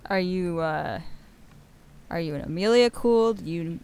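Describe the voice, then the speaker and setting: A woman's voice: lowish voice, measured pace, darkish tone, smooth. A woman player in a tabletop game, asking questions hesitantly. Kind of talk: tabletop role-play.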